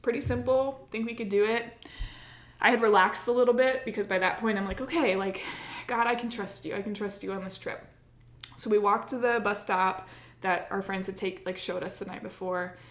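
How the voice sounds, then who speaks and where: Woman, casual storyteller, chatty, mid-pitched, roomy echo. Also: steady tone, moderate pace, fairly bright tone. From United States. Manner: chatty, many likes, acts out her own past lines. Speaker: podcast co-host.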